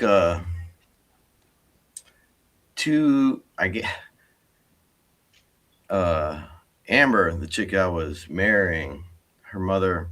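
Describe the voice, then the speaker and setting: A man's voice: low voice, a bit bright. A man on a livestream, telling a rambling personal story with many fillers and restarts. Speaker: livestream co-host. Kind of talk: casual chat.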